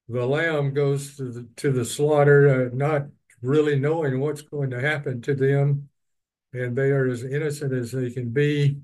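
A man's voice: medium pitch, a little mellow, poor audio. A man teaching a Bible study, reading verses and then explaining them at length with personal asides. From East Texas.

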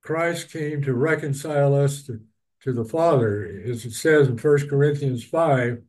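A man's voice: medium pitch, a little slow, darkish tone, rough recording. A man teaching a Bible study, reading verses and then explaining them at length with personal asides. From East Texas.

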